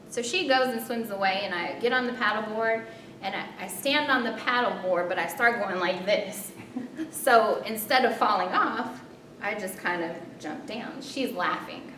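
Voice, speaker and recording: With dramatic pauses, a woman tells a personal story in an animated, self-mocking way. The mic is distant and roomy, with some rumble.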